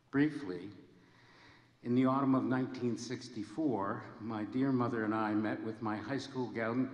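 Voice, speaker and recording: Older man giving a heartfelt speech in a hall. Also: fairly low pitch. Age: 70s. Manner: measured, earnest, heartfelt. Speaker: honorary degree recipient giving a speech. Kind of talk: formal ceremony speech. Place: large hall. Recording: echoey hall with long reverb.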